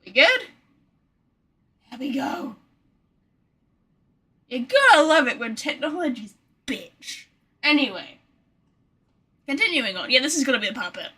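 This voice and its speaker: A woman's voice: high-pitched, big pitch swings, unhurried, pauses often, pushed and bright. A woman streaming a video game, chatting casually, swearing freely and talking to her cat. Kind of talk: casual gameplay commentary.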